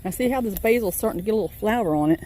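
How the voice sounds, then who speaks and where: Mellow-voiced woman touring her garden. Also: mid-range voice, animated, very fast. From Virginia, USA. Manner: rambling, homespun, chatty. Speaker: farm vlogger. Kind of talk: casual garden tour. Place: outdoor vegetable garden.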